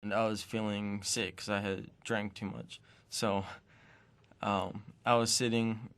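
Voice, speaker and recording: A man quietly recounting a personal experience in pausing, fragmented phrases. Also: lowish voice, little pitch movement, smooth. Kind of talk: personal testimony.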